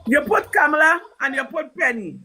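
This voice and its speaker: A woman's voice: high-pitched, expressive, normal speed, sharp tone, low-quality recording. A Trinidadian woman talking politics on a live stream with fervent emphasis, repeating her points. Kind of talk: impassioned political talk.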